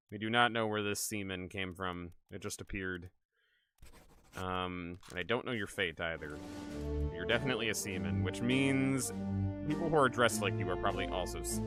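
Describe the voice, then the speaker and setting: A man streaming a game, joking with chat and thinking aloud as he plays. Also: fairly low pitch. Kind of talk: casual gaming stream chat.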